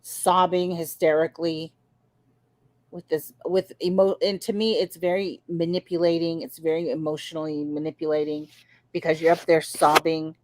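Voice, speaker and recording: A woman co-hosting a casual livestream, speaking in a measured, critical way and greeting viewers. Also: deep voice, little pitch movement, a little mellow, slight background noise.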